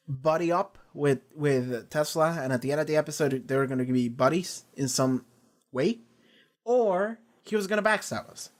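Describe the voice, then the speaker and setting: A man hosting a reaction channel, talking through a TV episode in a loose, rambling way with many restarts, casual swearing and paraphrased character lines. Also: on the high side.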